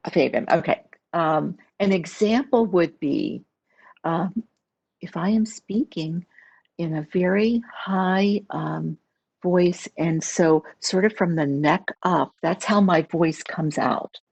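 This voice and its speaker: A middle-aged woman presenting a webinar as a public speaking trainer, measured and instructive, repeating key phrases. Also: lowish voice, gravelly, darkish tone, no echo. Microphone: video call.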